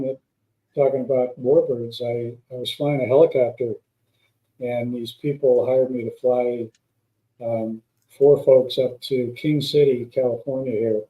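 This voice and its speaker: A man's voice: mid-range voice, highs cut off. A man, a guest pilot, telling long rambling anecdotes in a casual chat, with many restarts. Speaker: guest, former stunt pilot. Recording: roomy echo.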